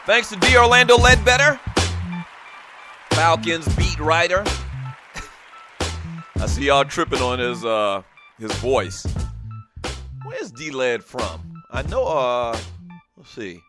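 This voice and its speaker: A man from Lowcountry South Carolina hosting a radio show, rambling through a chatty, laugh-filled monologue. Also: sing-song, takes it slowly, long pauses, over music. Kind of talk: casual talk radio monologue.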